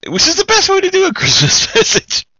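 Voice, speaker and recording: A man's voice: very high-pitched, wildly swooping pitch, a little fast, pushed and bright, no room sound, dull audio. A man giving a joking, tipsy holiday greeting as a podcast guest, giggly and singsong.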